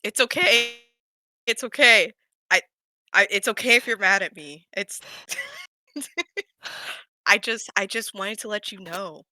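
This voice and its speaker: A woman's voice: medium pitch, measured pace, long pauses, pushed and bright, no echo. A woman playing a melodramatic, apologetic young man. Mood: soothing. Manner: apologetic, breathless with giggles, soothing. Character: earnest, melodramatic young man consoling his friend.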